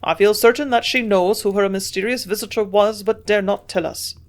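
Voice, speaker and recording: Woman playing an old German scientist, gruff, grunting, blunt, put-on German accent, audiobook reading, mid pitch. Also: fairly even intonation, a little fast, natural voice. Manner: grunting, blunt, louder than the narration.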